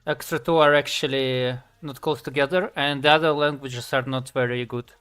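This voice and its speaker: A man chats casually on a live stream as he builds his game. His voice is smooth and resonant, and he halts often to think, with lots of fillers. Soft music plays faintly underneath. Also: mid-range voice, fairly even intonation. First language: Slovak. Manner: halting, many fillers and restarts, thinking aloud. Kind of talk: casual live-stream chat while coding.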